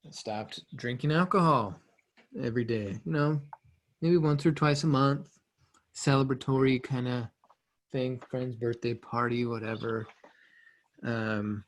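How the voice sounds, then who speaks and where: Speaking at a moderate pace in a medium pitch, a man gives casual motivational coaching to a listener. The delivery is loose and chatty, with repeated phrases and sentences that often get restarted.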